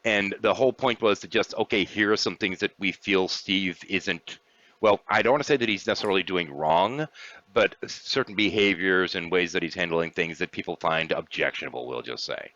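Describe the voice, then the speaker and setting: A man with a low, pushed and bright voice speaks at normal speed while hosting a casual podcast. He's blunt and profane and occasionally clears his throat, and the recording has a dry, dull lo-fi sound.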